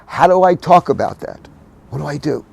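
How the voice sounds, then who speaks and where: Gravelly older man, animated storyteller. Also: on the high side, moderate pace, dull audio, slight background noise. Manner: animated, swings from soft murmurs to loud emphatic bursts. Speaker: podcast guest. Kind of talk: conversational storytelling.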